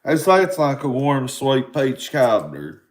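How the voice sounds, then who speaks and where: A man's voice: medium pitch, huge pitch swings, a little slow. Rambling Appalachian man in a roomy echo. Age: 40s. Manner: rambling and profane, talking to chat viewers. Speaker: livestream host. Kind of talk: casual live-stream chat.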